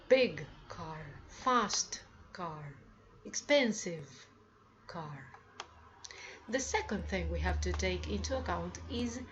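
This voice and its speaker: Slow, deliberate woman teaching English. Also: medium pitch, highs cut off, a little hiss or hum. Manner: slow, deliberate, asks learners rhetorical questions. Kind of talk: slow classroom explanation.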